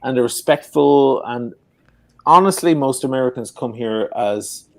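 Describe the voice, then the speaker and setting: An Irish man chatting as a guest on a video call from his home, telling stories in an animated, profane ranting way. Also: medium pitch, measured pace, gravelly, no room sound. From Ireland. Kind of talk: casual chat. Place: home in Venice.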